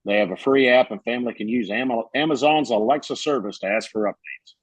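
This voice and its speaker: A man's voice: medium pitch, quick pace, slightly rough, no echo, low-quality recording. A man on a podcast telling a story in casual chat, rambling with fillers and restarts.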